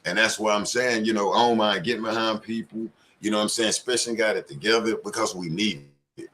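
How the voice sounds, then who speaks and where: Slangy, animated man telling stories. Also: on the low side, fast, slight background noise. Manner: loose, profane, animated storytelling with slang. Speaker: community panelist. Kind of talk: casual panel talk.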